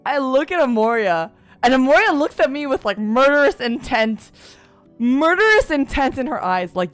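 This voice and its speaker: A young adult woman streamer telling a story in casual chat, animated, laughing and swearing freely. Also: high-pitched, normal speed, no echo.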